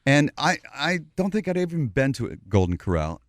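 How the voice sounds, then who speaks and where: Animated storytelling man, dry studio sound. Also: mid-range voice, a little fast, dry recording. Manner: animated, acts out voices in anecdotes. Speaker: radio show host. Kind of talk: storytelling on a talk show.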